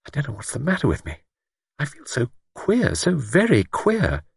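A man voicing a sharp-witted young woman, her tense inner thoughts and a put-on drowsy voice, in a storybook reading. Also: on the low side, sing-song, moderate pace, slightly rough, no echo, clean studio sound, exaggerated voice. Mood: feigned drowsy.

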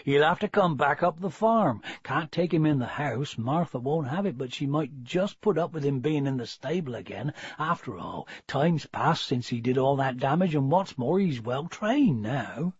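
A man voicing a plain-spoken, gruff but kind older farmer with a slow, homely drawl, on a dull, dry lo-fi recording. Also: a little high, animated, dry recording. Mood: resigned.

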